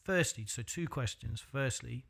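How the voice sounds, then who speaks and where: A man interviewing a guest in a relaxed way, asking careful questions with a joking side. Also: mid-range voice, unhurried, gravelly. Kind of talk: casual interview.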